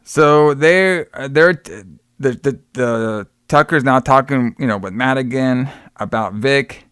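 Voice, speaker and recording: Smooth-voiced man chatting casually about a movie. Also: mid-range voice, takes it slowly, fairly bright tone, no echo, studio quality. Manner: rambling, swearing, acts out quotes with laughs. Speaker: podcast co-host. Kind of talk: casual movie review chat.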